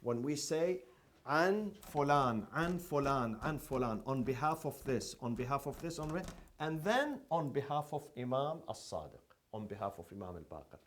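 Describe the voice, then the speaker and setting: A man's voice: mid-range voice, very animated, moderate pace. A man teaching a classroom lecture, asking the class questions and repeating key terms.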